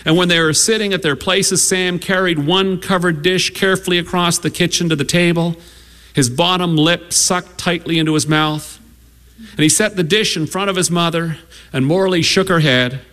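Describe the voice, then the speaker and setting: A man reads a story aloud at a measured pace, gently humorous as he goes. His voice sits high for a man. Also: fairly even intonation.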